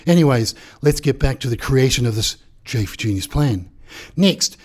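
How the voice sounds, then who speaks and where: A man's voice: medium pitch, normal speed, darkish tone. Male true crime host, sarcastic and swearing, comedic narration. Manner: sarcastic and profane, addressing his viewers directly.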